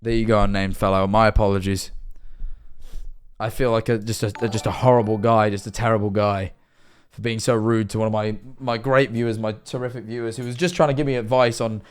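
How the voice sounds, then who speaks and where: A man's voice: fairly low pitch, little pitch movement, brisk, clear, resonant tone. A man livestreaming and reacting to videos, rambling with lots of fillers, getting worked up and then sheepish. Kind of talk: casual live-stream commentary.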